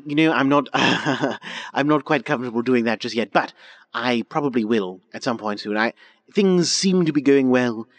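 A man's voice: medium pitch, normal speed. A man in improvised comedy chat, talking in a hesitant, stammering, aggrieved way.

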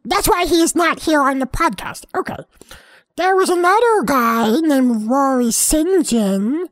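A woman voicing a dim, rambling young boy who hosts a comedy podcast alone, talking in halting, sidetracked sentences. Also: sits high, expressive. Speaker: podcast host.

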